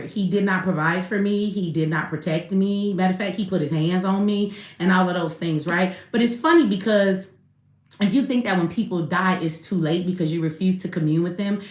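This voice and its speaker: Laughing, slangy woman in an echoey room. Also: lowish voice. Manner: candid, laughs often, slangy and profane. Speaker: live stream host. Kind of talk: casual live stream chat.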